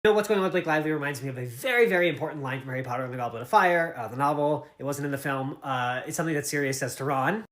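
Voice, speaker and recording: A woman's voice: deep voice, very fast, few pauses. A woman giving opinionated, emphatic celebrity gossip commentary.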